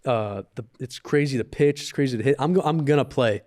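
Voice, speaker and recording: A man's voice: medium pitch, a little fast, a little mellow. A young man co-hosting a podcast, telling stories in a casual chat and dropping "bro" often. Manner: storytelling, trailing "bro" and "dude". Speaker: podcast co-host.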